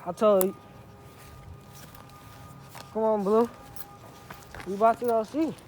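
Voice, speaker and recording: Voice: mid-range voice, steady tone, slow pace, a little mellow, slight background noise. A vlogger talking casually and playfully to the camera outdoors in the sun, joking around with slang. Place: outdoors in sun, near a truck.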